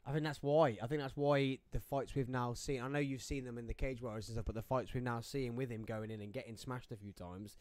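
A man's voice: medium pitch, steady tone, brisk, few pauses, a little mellow, no echo. A man co-hosting a live fight watch-along in casual, joking chat, teasing his friend and stumbling over fighters' names.

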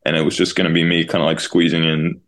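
A man's voice: sits low, flat delivery, fast talker, a bit bright. A young man in his twenties with a New Zealand accent, a guest telling a story casually over a video call and peppering it with "like". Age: 20s. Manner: rambling, heavy use of "like". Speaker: guest musician.

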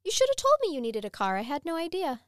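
A woman's voice: high voice, huge pitch swings, fast talker, no room sound, clean studio sound, voice pushed up. A woman quoting a cruel, scornful mother. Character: cruel controlling mother, middle-aged woman.

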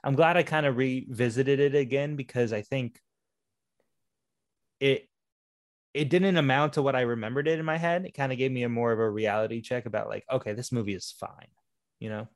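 A man's voice: medium pitch, fairly even intonation, a little fast, dry recording. A man co-hosting a casual movie review podcast, rambling with lots of fillers. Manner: rambling, filler-heavy, laughs along. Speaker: podcast co-host.

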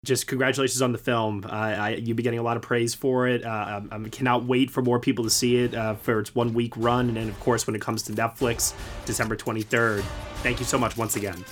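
A man's voice: medium pitch, flat delivery, brisk, fairly bright tone, faint music behind. A man interviewing a guest, asking questions and wrapping up with hesitant fillers.

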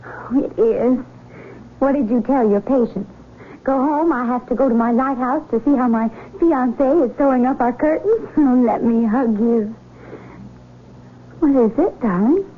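An actress in a 1970s radio drama playing a spirited young woman engaged to the doctor, chatty and quick to answer back. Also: a little high, lightly acted. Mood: bubbly. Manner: chatty and bright, turning hurt and sharp. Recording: tinny narrow broadcast with faint hiss.

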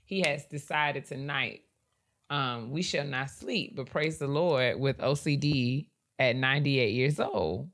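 A woman's voice: extremely low pitch, unhurried. A woman co-hosting a casual podcast, reading listener emails aloud with dry, teasing reactions. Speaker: podcast co-host.

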